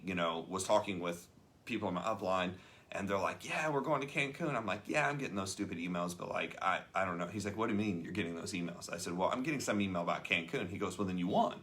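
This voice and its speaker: A man's voice: low voice, fast, pushed and bright. A man hosting a casual talk show, telling a story and acting out the people in it. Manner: chatty storyteller acting out quoted voices. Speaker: host. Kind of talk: casual chat about a leadership book.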